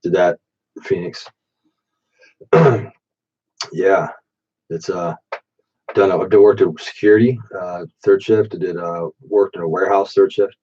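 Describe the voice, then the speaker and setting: Hosting a late-night live stream, a man in his late thirties drinks and rambles through profane stories. His low, dark, husky voice is thickened by an allergy-stuffed nose and comes through a dull, muffled default mic, with a steady tone, slightly slow delivery, and frequent pauses.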